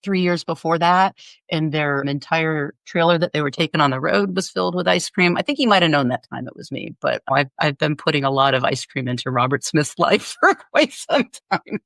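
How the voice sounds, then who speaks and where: A middle-aged woman, a photographer, telling animated stories in a casual interview and acting out quotes with laughter. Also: low-pitched, brisk, creaky, dry recording. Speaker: photographer guest. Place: her home.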